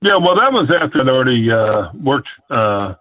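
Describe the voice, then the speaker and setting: A man's voice: mid-range voice, very animated, normal speed, sharp tone, poor audio. An older man from the American Midwest, a retired wrestler, telling long stories in an interview, rambling with many fillers and restarts. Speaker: retired pro wrestler, guest. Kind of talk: storytelling interview.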